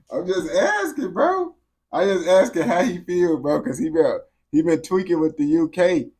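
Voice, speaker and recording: A young man, a streamer, chatting casually with a game character in heavy slang, swinging between low mumbles and excited yelling. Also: measured pace, long pauses.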